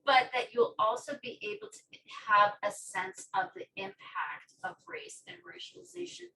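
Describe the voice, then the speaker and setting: A woman with a fairly high, bright voice moderates a panel in a chatty way, often pausing on ums. She sounds somewhat far from the mic, with a faint hiss behind her. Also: very animated, creaky. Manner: conversational, with frequent fillers. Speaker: moderator and course instructor. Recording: distant mic with faint noise.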